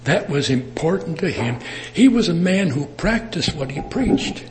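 A man preaching a sermon in an earnest manner, with emphatic rises and soft drops. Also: on the high side, big pitch swings, a little slow. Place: assembly worship.

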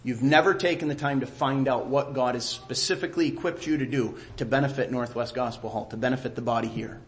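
A middle-aged man preaching a sermon, emphatic and repeating key phrases, sometimes dropping quiet. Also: medium pitch, fairly even intonation, fairly quick.

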